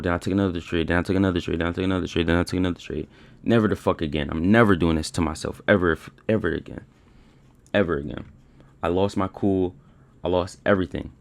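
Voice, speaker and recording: A man's voice: sits low, dry recording. A young man recapping his trading day in a frustrated rant, swearing often and repeating himself. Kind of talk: frustrated screen-share rant.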